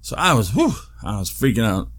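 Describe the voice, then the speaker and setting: Animated, expressive man hosting a vlog. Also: fairly low pitch, brisk, slightly rough. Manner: animated storytelling, swears freely, laughs often. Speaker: show host. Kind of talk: casual video update monologue.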